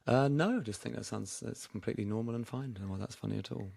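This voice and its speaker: Male podcast co-host, dry and deadpan, low voice, dry recording. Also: quick pace, creaky, slightly rough, no room sound. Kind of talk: casual podcast chat.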